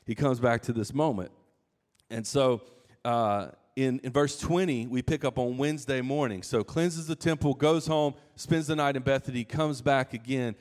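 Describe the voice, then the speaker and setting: A man's voice: mid-range voice, normal speed, darkish tone. A man preaching a sermon in a casual, conversational way, with asides and restarts. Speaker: pastor.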